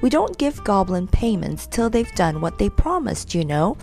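A woman's voice: medium pitch, very animated, moderate pace, creaky, darkish tone, soft background music. A woman voicing a male sailor doll who talks firmly and cautiously.

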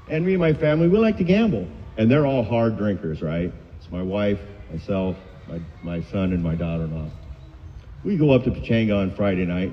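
A middle-aged man speaking at a recovery meeting, sharing his story in a candid, self-mocking way. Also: on the low side. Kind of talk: personal recovery story share. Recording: dull, echoey hall sound.

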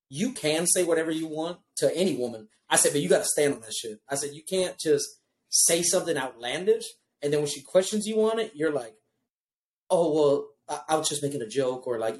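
A young adult man, host of a casual chat, telling a profane, animated story with lots of fillers. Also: on the high side, fairly quick, reverberant. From Houston, Texas.

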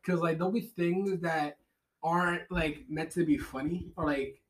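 A young man with a fairly high voice, chatting in a loose, slangy way and laughing through his own stories. He sits back from the mic in an echoey room. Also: fairly even intonation, normal speed, distant mic. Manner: slangy, rambling, laughs a lot while telling stories. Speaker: podcast co-host. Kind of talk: casual chat.

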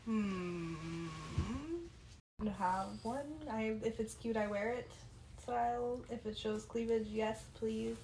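A young woman with a fairly high voice chats casually as a podcast co-host. She giggles and puts herself down, letting her sentences trail off. There is a faint hiss behind her. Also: flat delivery, slow, darkish tone. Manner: giggly, self-deprecating, trailing off. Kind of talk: casual chat.

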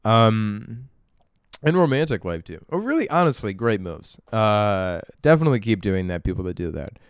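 A man's voice: lowish voice, sing-song, moderate pace, smooth, dry recording, clean studio sound. A young man hosting a solo comedy podcast, ranting crudely in a rambling way and often laughing at his own jokes. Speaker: podcast host.

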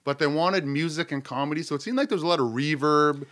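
A man co-hosting a podcast, telling comedy stories in a lively, joking way. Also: on the high side, fast. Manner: lively storyteller, animated and jokey. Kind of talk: casual chat.

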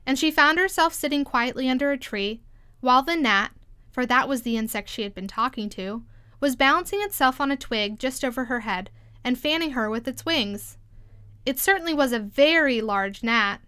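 A woman reading a classic children's story aloud in a gentle, measured storytelling manner. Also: high voice, smooth. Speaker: audiobook reader.

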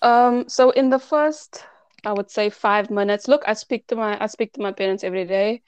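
A woman's voice: mid-range voice, normal speed, clear, resonant tone. A young adult woman with a South African accent, from Cape Town, chatting casually as a podcast guest and telling stories with easy laughs.

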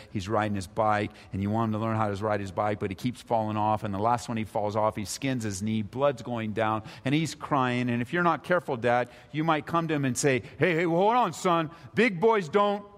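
A male pastor preaching a sermon, his voice swinging between loud, high emphasis and low, hushed stretches. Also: little pitch movement, brisk, few pauses. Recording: long reverb of a large hall.

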